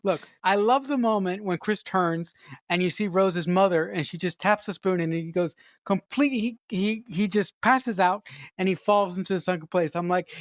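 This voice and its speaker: A woman's voice: medium pitch, moderate pace, no echo, studio quality. A woman co-hosting a podcast, giving emphatic, profane opinions about a film and often restarting her sentences. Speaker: podcast co-host. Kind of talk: casual film review chat.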